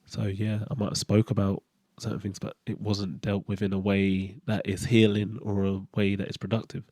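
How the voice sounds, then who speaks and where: A man's voice: lowish voice, flat delivery, normal speed, darkish tone, no room sound, clean studio sound. A middle-aged man speaking a candid, hesitant personal monologue as a podcast host, with fillers and restarts.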